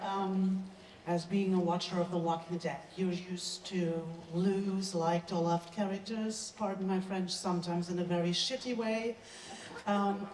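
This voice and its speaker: A woman's voice: lowish voice, a little mellow. A woman from the audience asking a panel guest a question in a casual, hesitant way. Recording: distant, echoey hall, faint noise.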